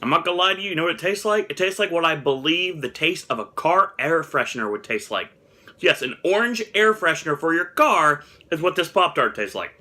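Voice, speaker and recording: Bright-voiced man reviewing snacks. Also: a little high, lively intonation, a little fast. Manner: chatty, candid, mildly dramatic about flavors. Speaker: food review vlogger. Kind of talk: casual taste-test commentary.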